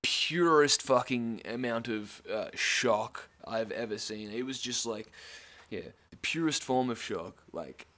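Speaking slowly in a mid-range, sharp-toned voice, a young Australian man rambles through a casual festival anecdote. He swears nonstop and laughs his way through the story.

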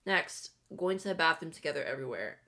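Frank young woman, slightly low voice. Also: animated, quick pace, sharp tone. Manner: frank, opinionated, casual swearing. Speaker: podcast co-host. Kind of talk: casual chat.

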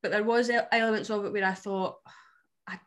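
A Scottish woman from Scotland co-hosting a book podcast, chatting in a wry, animated way. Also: medium pitch, brisk. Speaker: podcast co-host. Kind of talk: casual chat.

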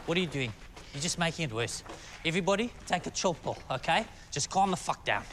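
An actor playing an adult male broker in an arms deal, speaking in a calm, firm tone. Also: on the high side, a little fast. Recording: noisy film clip.

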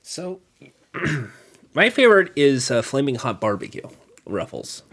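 A man's voice: mid-range voice, very animated, slow pace, a bit bright, husky. A man co-hosting a casual chat show, joking and teasing his friend. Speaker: podcast co-host.

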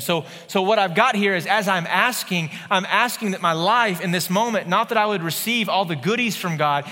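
A man in his thirties preaching a sermon in a church, conversational and animated, with playful asides. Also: sits high, long reverb tail. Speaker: pastor.

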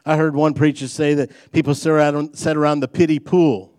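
A man's voice: on the high side, flat delivery, fairly quick, a little mellow. Folksy man preaching a sermon. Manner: folksy, conversational preaching with humor and rising emphasis. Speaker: pastor.

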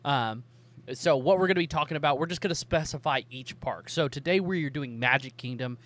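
A man's voice: a little high, fairly quick, fairly bright tone. A man hosting a casual podcast chat. He rambles along with plenty of ums. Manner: chatty, rambling, many ums. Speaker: podcast host.

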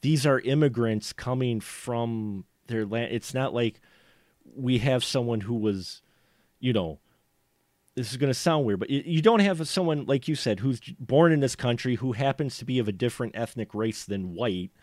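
A man's voice: medium pitch, moderate pace, darkish tone, no echo, clean studio sound. A man from the upper Midwest co-hosting a podcast, rambling and laughing as he talks about films. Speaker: podcast co-host. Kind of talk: casual film discussion.

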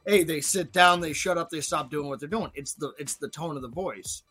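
A man with a bright, forceful voice joins a casual podcast discussion, making his points emphatically. He pitches a little higher than most men, and soft music runs in the background. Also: normal speed, few pauses. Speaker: podcast co-host.

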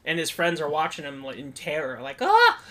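A young man co-hosting a podcast, retelling scenes in an animated way during casual chat. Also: fairly high pitch, fairly quick. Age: young adult. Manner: animated storyteller. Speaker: podcast co-host.

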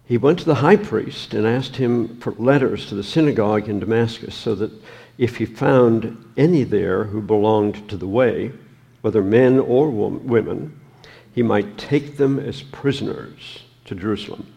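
A man preaching a sermon, reading scripture and reflecting on it slowly, with many pauses and ums. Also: on the low side, gravelly, warm tone, husky.

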